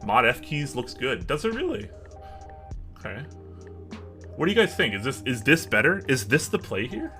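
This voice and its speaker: A man's voice: mid-range voice, very animated, normal speed, bright, forceful tone, soft background music. A man hosting a live stream in casual chat, thinking aloud and asking viewers for their opinions with frequent restarts. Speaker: livestream host.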